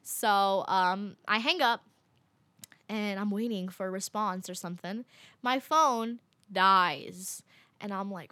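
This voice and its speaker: A young woman telling a travel story to her viewers in a casual, animated way, full of fillers and little laughs. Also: medium pitch, unhurried, dry recording. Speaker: vlogger.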